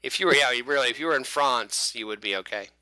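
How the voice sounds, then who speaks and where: A man hosts a casual fan podcast with a bright, forward voice. He rambles and jokes, restarting sentences as he goes. The sound is dry and close, with almost no room around him. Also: mid-range voice, fast, no room sound. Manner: rambling, jokey, self-correcting. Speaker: host.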